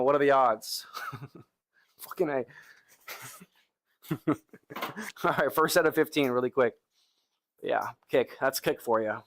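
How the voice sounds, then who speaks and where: Streaming from the gym, a young man relaxes between lifts to chat with viewers, using "bro" and "like" a lot while sighing between sets on tired arms. His voice is medium-pitched with a fairly bright tone.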